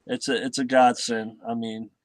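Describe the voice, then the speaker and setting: Halting, rambling man telling stories. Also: mid-range voice, flat delivery, dry recording. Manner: halting, repeats words. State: recovering from heart surgery. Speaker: guest. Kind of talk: casual chat.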